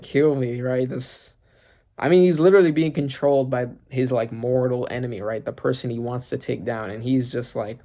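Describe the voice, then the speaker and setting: A man with an ordinary, middle-pitched voice talks through his reactions in a loose, casual way. He thinks aloud, rambles between points, and turns excitable as he goes. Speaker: manga reaction channel host.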